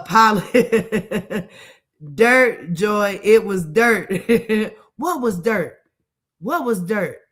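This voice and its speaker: A woman's voice: mid-range voice, bright, forceful tone. A middle-aged woman hosting casual live-stream commentary. She is blunt and profane, laughs often and reacts to viewer comments.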